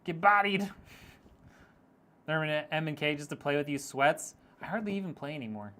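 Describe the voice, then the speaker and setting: A man's voice: a little high, animated, normal speed, a bit bright. Joking man on a livestream. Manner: joking, teasing, laughs often. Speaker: streamer building PCs. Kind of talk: casual livestream chat reading viewer comments.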